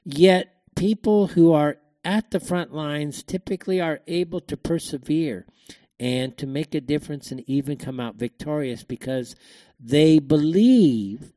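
A man's voice: fairly high pitch, dark tone, dry recording. Emphatic man hosting, dry close sound. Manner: emphatic, rambling, repeats words and pauses with fillers. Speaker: show host. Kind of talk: opinion commentary monologue.

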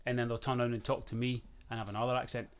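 A man's voice: medium pitch, little pitch movement, very fast, smooth. A middle-aged man with a Scottish accent, a guest in a casual podcast chat, talking in a dry, laid-back way and swearing casually. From Scotland.

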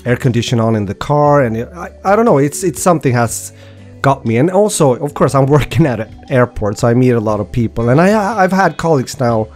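A man's voice: medium pitch, animated, fairly quick, a little mellow, faint music behind. Chatty Swedish man with a cold. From Sweden. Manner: chatty, laughs often, hesitant restarts. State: has a slight cold. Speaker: podcast co-host. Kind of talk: casual chat.

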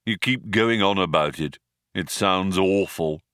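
A man's voice: sits low, no room sound, clean studio sound. Marvin, a man voicing a gloomy robot. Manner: flat, weary, slow. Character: gloomy, manically depressed male robot.

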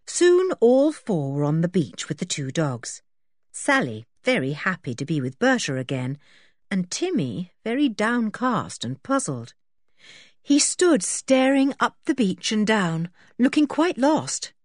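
A woman narrating a children's storybook in an expressive reading style. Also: mid-range voice, unhurried, dry recording, studio quality. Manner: expressive, even-paced reading.

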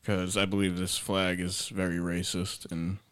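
A man's voice: sits low, level tone, a little slow, a bit bright, clean tone. A man teasing his friends in a casual comedy chat, laughing often. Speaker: podcast panelist.

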